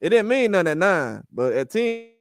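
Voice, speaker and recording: A man riffing on boxing in casual commentary, ranting and slipping into the back-and-forth of the people he quotes. His voice sits a little high and sounds smooth and resonant, recorded dry and close with no room sound. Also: big pitch swings, moderate pace, no echo. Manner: ranting, acts out quoted conversations. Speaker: boxing channel host.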